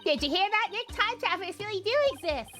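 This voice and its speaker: A woman voicing an eager, excitable young female game character in a high put-on voice. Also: quick pace, soft background music, full character voice. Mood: excited.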